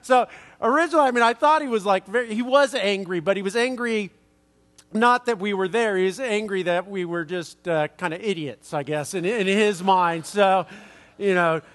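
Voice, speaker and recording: A man's voice: high voice, moderate pace, fairly bright tone. A man preaching a sermon, rambling through a story with many fillers and restarts. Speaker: pastor. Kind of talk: sermon with anecdote.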